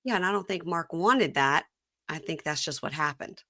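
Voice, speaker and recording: A woman's voice: sits low, expressive, moderate pace, sharp tone. A middle-aged woman, hosting a podcast in a chatty, folksy way and reading ads. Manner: chatty, folksy, laughs easily. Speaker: podcast host. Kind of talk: casual chat and host-read ads.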